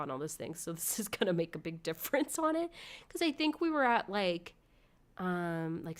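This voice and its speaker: A woman's voice: fairly low pitch, smooth. A young woman streaming live, chatting with viewers in a rambling, giggly way and thanking donors. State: sick with covid. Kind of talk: casual live-stream chat.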